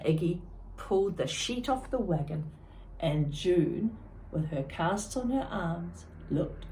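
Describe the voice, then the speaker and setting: A woman teacher reads a chapter book aloud with an expressive, swinging pitch. Her voice has a gravelly edge, and she stops now and then to chat about the story. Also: a little hiss or hum. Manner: expressive, pauses to comment to listeners.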